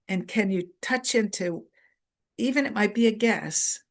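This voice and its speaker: A woman presenter giving a conference lecture in a deliberate way, repeating key phrases in short lists for emphasis. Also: medium pitch. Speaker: workshop presenter.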